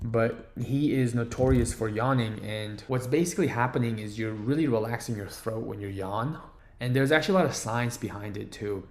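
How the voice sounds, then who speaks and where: A man's voice: on the low side, a little hiss or hum. A man giving a casual video lesson on improving the voice, talking loosely with many fillers and restarts from a room at home. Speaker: voice coach. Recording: roomy echo.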